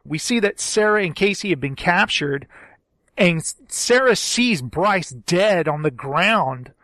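High-voiced, excitable man gushing. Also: no room sound. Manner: enthusiastic, gushing, quotes scenes in acted voices. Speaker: podcast co-host. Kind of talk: casual podcast chat.

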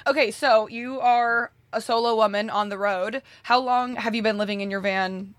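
A woman's voice: fairly high pitch, steady tone, normal speed, dry recording. Woman podcast host, casual rambling questions, dry close sound. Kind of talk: casual interview.

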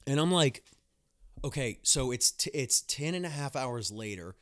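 Young male podcast host, mid-pitch, casual monologue, crude and blunt. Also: lively intonation, normal speed, a bit bright. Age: young adult. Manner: blunt, profane ranting with mocking asides.

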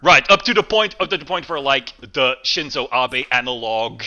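A man chatting casually on a podcast with a very bright, sharp-edged voice. He rambles, piles up fillers, and restarts his sentences often. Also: moderate pace, dull audio. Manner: rambling, many fillers and restarts, lively swings in pitch. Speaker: podcast co-host. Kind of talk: casual chat.

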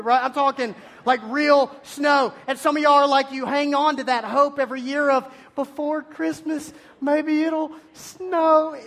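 Youth pastor, man, very high voice, animated and playful, preaching to teens. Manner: animated, playful storytelling with loud bursts. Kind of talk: energetic youth sermon.

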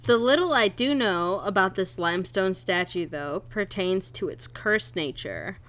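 A woman's voice: mid-range voice, expressive, a little slow, a bit bright. A young woman co-hosting a casual podcast, reacting with wry jokes and reading out notes. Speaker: podcast co-host. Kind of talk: casual chat.

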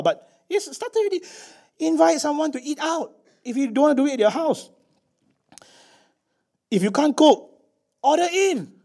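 A middle-aged man with a Singaporean English accent, preaching a chatty, lively sermon full of "okay?" asides. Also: very high voice, creaky.

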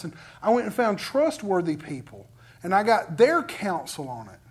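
A man's voice: high-pitched, animated, fairly quick, slightly rough. A man preaching a sermon in a conversational storytelling way, acting out what other people say. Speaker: pastor.

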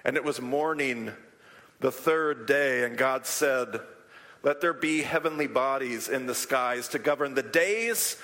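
Bright-voiced man teaching in a hall. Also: medium pitch, unhurried. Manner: animated, has the audience repeat Hebrew words. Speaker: podcast teacher. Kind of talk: teaching talk to a live group. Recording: long hall reverb.

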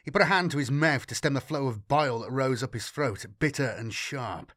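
A man narrating a dark sci-fi horror audiobook in a measured way, slowing for grim detail. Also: mid-range voice, no echo, studio quality.

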